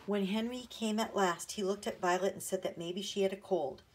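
A woman narrating a children's chapter book in a gentle, read-aloud manner. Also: mid-range voice, fairly even intonation, normal speed, background noise. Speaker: audiobook narrator. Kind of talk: storybook narration.

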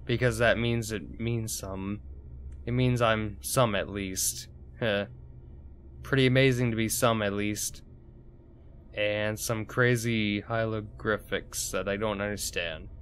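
A man reading the lines of a weary young female cat in a game, in a quiet, subdued voice. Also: fairly low pitch, steady tone, slow pace, slight background noise. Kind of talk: reading game dialogue aloud.

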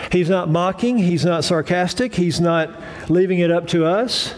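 A man's voice: sits high, animated, moderate pace. A male pastor preaching a sermon in a conversational, emphatic way, repeating phrases for weight and asking the congregation questions.

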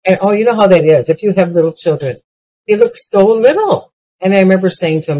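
An older woman delivers a keynote as a string of comic stories, building each one toward a punchline and pausing to restart her thoughts along the way. Her voice sits at an ordinary middle pitch. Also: low-quality recording. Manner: lively, punchline-driven anecdotes with frequent restarts. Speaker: keynote speaker. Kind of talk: comedic storytelling keynote.

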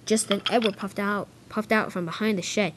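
A woman's voice: mid-range voice, steady tone, fairly quick, a little hiss or hum, poor audio. Woman narrator, plain mid voice, casual storytelling with restarts. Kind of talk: unscripted storytelling.

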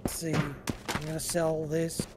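A man on voice chat as a gaming teammate, talking quickly and excitably, swearing casually. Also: a little high, heavy background noise.

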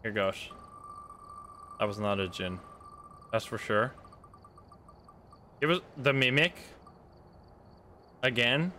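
A man's voice: medium pitch, lively intonation, takes it slowly, long pauses, pushed and bright, a little hiss or hum. A man streaming gameplay live, talking to his chat, swearing and laughing at his own bad luck. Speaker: streamer playing a ghost-hunting game.

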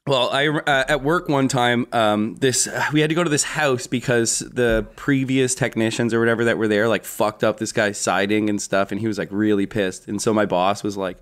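A man's voice: medium pitch, moderate pace. A young man co-hosting a casual comedy podcast, telling stories with acted-out voices and frequent laughter. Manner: animated storyteller who acts out voices and laughs a lot. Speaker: podcast co-host.

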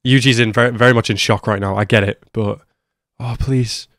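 A man giving a live reaction to an anime episode, his voice sitting at an ordinary middle pitch. He drops to low mutters and then bursts into loud, cursing shouts. The recording is close and dry. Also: fairly even intonation, a little fast, no echo. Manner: swings from hushed muttering to loud swearing outbursts.

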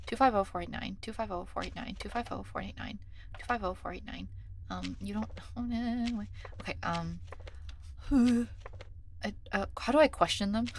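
A young woman streaming a game, reading its text aloud and thinking out loud, often scattered and flustered, with lots of ums. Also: mid-range voice, moderate pace, slight background noise. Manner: scattered and chatty, many ums, gets flustered; reads on-screen instructions in a mumbly undertone.

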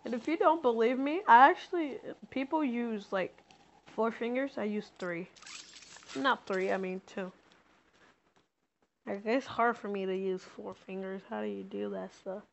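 A woman's voice: mid-range voice, measured pace, vocal fry. Woman casually streaming a mobile game. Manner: rambling, talks to chat between plays. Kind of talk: casual live-stream chat while playing. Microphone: close mic on a phone stream. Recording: dull lo-fi stream audio, faint hiss.

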